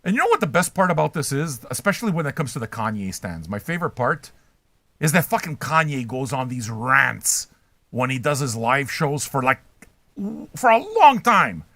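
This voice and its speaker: An older man hosts a livestream and reacts to his chat in a brash, profane, trolling, rambling way, swearing constantly. His mid-range voice is animated and sharp, with vocal fry and a brisk pace, and there's no echo on the recording.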